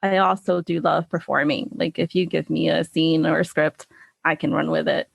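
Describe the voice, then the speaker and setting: Female coach guest, gravelly and chatty, dry close sound. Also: deep voice, level tone, moderate pace, no room sound. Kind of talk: casual interview chat.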